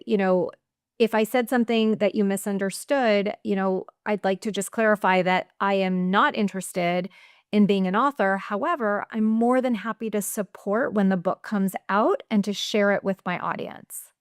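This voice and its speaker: A woman's voice: mid-range voice, moderate pace, clean tone, dry recording, clean studio sound. A woman executive coach on a podcast, chatting casually and often acting out her own inner voice with a tagged "right?". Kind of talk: casual interview chat.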